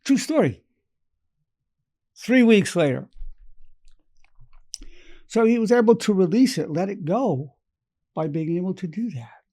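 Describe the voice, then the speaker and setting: A man in his eighties teaches by telling stories from his practice, quoting each exchange and circling back to key lines. His voice sounds gravelly and mellow. It sits a little high for a man. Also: expressive, unhurried, long pauses. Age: 80s. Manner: retells client stories with quoted dialogue and repeated phrases. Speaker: psychologist. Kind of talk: storytelling lecture.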